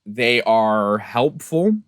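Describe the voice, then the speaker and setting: A young man casually recapping a game story, rambling with many fillers and restarts, jumping between excited high notes and soft asides. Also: very slow, smooth. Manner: rambling, filler-heavy, self-correcting; animated storyteller with sudden pitch jumps and soft asides. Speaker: Minecraft server player recapping lore.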